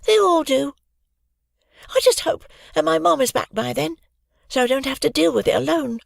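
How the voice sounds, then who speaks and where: For a children's audiobook, a narrator voices a sleepy, curious young girl, pitching well above their own voice in an exaggerated, expressive, high-pitched performance at a moderate pace that sometimes drops to a breathy whisper. The studio sound is clean, with no room sound.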